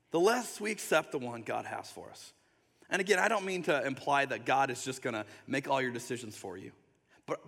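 A pastor delivers a sermon in a relaxed, conversational way, often slipping into quick acted-out voices. His voice is bright and fairly high for a man. It echoes with the long reverb of a large hall. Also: gravelly. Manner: conversational, acts out quick voices, drops to soft tender tones.

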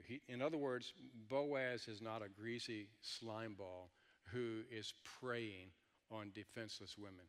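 A man's voice: lowish voice, steady tone, measured pace, long reverb tail. A male pastor preaching a sermon, dropping joking asides to the congregation.

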